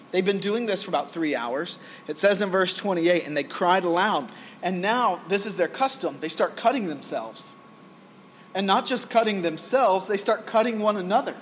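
A man in his forties delivers a sermon in a high, bright-toned voice. He talks like he's chatting with friends, then throws himself into acting out frantic shouting. A faint noise floor sits under the recording. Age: 40s. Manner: animated, acts out the prophets' frantic screaming; conversational, folksy asides. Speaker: pastor.

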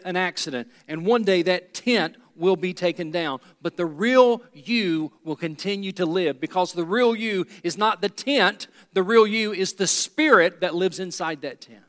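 A man's voice: high voice, fairly bright tone, long reverb tail. A pastor preaching a sermon, a man who drives points home by repeating key phrases.

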